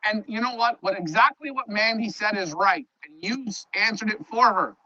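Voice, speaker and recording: A man talking loudly to his pigeons as he shows his loft on a live phone stream. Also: high-pitched, normal speed, no room sound. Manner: loud, talks to his birds. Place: pigeon loft, outdoors nearby. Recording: dull lo-fi stream audio.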